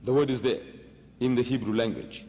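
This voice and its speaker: A man's voice: medium pitch, fairly quick, dark tone. Emphatic preacher man in echoing hall. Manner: emphatic, rhetorical, argumentative. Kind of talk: religious lecture to an audience.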